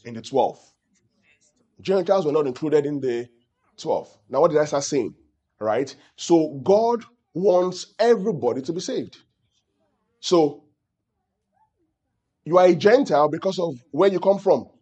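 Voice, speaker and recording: A man's voice: a little high, expressive, unhurried, long pauses, warm tone, slightly rough. A man preaching a teaching sermon, often asking his congregation questions. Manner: calls out questions to the audience. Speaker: pastor.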